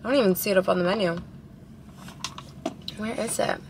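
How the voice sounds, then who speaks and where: A woman's voice: medium pitch, steady tone, brisk, creaky, a little mellow, slight background noise. A bubbly, talkative woman of about twenty, vlogging casually from her car at a drive-thru. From Ohio, USA. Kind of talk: casual chatty vlog. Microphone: camera in the car.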